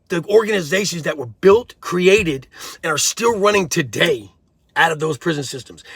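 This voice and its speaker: A man's voice: on the high side, a bit bright, husky, no echo, clean studio sound. A man hosting a casual commentary vlog, talking bluntly in streetwise slang and lecturing the viewer directly. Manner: blunt, streetwise, preachy, addresses viewer as bro and homie. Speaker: host of a prison-life commentary channel.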